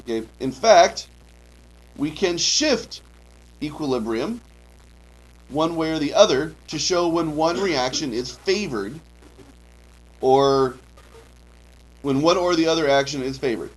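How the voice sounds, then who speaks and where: A man's voice: on the high side, expressive, takes it slowly, long pauses, poor audio. A man teaching a chemistry class, lecturing with frequent "okay" checks and dry joking asides. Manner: drills key terms, frequent "okay" checks. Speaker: high school chemistry teacher.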